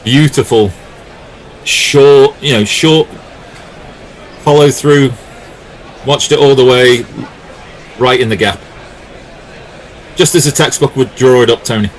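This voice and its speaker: A man giving live ball-by-ball cricket commentary, with lively calls and jokey banter with his co-commentator. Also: mid-range voice, normal speed, pauses often.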